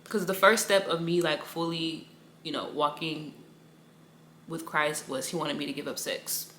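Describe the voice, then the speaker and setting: A woman's voice: deep voice, steady tone, a little slow, fairly bright tone, roomy sound, slight background noise. A young woman giving a personal faith testimony in a casual, rambling way, with slang and a lot of repetition. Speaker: Bible study teacher.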